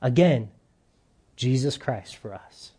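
A man preaching a sermon as pastor, animated, dropping to soft emphasis at the ends of phrases. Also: medium pitch, takes it slowly, breathy edge.

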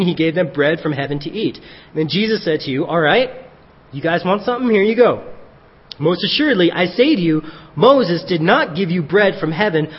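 A man preaching a sermon as pastor, animated, acting out the voices of the people he quotes. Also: fairly high pitch, slightly rough. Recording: dull echoey hall.

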